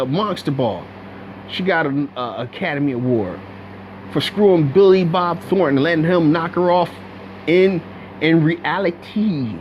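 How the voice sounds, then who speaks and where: A man's voice: fairly high pitch, a little hiss or hum, low-quality recording. A man giving a blunt, profane, rambling commentary rant with many restarts. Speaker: video commentator.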